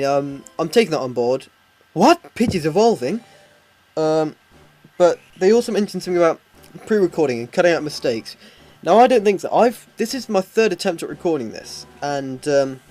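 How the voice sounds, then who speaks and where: A man's voice: a little high, a little mellow. Rambling man commentating a game. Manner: rambling, hesitant, many ums and restarts. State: voice starting to hurt. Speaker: let's play commentator. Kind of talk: live off-the-cuff game commentary. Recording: faint game music behind.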